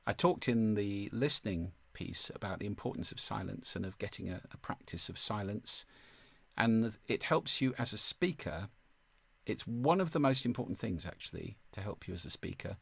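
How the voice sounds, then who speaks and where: A man teaching a masterclass on speaking, with a clear, deliberate delivery and occasional vocal demonstrations. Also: fairly low pitch, expressive, no echo. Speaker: speaking coach. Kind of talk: online masterclass lesson.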